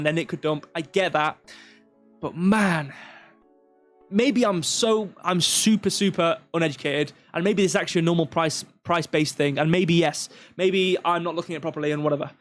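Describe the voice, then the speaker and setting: A man hosting a live crypto stream, walking through charts step by step with rambling, self-deprecating asides. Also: on the high side. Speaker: crypto livestream host.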